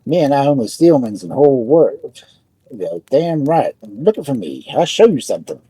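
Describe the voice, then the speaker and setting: A man's voice: mid-range voice, very animated, moderate pace, dark tone, husky, no room sound. A man voicing a huge, good-natured male steelworker made of steel, talking in broken immigrant English with easy boasting. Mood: easygoing.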